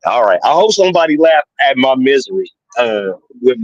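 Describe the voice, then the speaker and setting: A man's voice: mid-range voice, a little fast, dry recording. A man calling into a show who tells a crude story with lots of swearing and laughter. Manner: animated, profane, laughs at his own story. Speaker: caller. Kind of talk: casual storytelling on a call-in show. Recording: dull, dry, lo-fi call audio.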